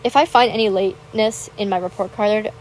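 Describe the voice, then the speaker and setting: A woman's voice: medium pitch, fairly even intonation, fairly quick, a little mellow, slight background noise, poor audio. A teenage girl chatting casually and bubbly about her school week while playing a game, retelling moments dramatically. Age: teens. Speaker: gaming vlogger. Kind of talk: casual chat over gameplay.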